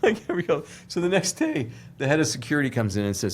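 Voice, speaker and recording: An older man, a television producer, telling an animated story in an interview, acting out voices and laughing as he goes. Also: a little high, fast, slight background noise. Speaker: TV producer, podcast guest.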